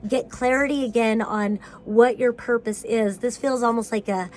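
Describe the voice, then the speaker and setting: A woman's voice: a little high, fairly even intonation, moderate pace, slight background noise. A woman giving a casual tarot reading, talking in a rambling, hesitant way with many fillers and restarts. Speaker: tarot reader.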